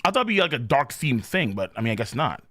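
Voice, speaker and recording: A man reacting live to a manga chapter on stream, excitable and profane, reading lines aloud and shouting at big moments. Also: medium pitch, fast talker, no echo, studio quality.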